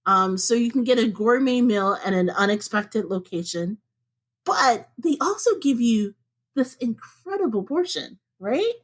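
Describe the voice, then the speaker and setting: A woman co-hosting a podcast from home, chatting casually and laughing often. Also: measured pace. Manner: chatty and laughs often, with lively swings up in pitch. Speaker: podcast co-host.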